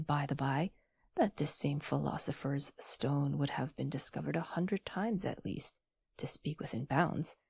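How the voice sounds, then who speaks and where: A low, husky woman's voice narrates a classic tale in soft whispery audiobook style. Her tone is gentle and hushed with creaky, breathy edges. The sound is dry and close. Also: no echo.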